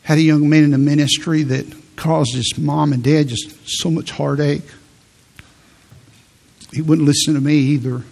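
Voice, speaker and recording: A man's voice: fairly high pitch, steady tone, moderate pace, vocal fry, a little mellow. A man preaching a sermon, telling personal stories earnestly and reading scripture with growing fervor. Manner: earnest storytelling, rising to fervent scripture reading. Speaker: pastor.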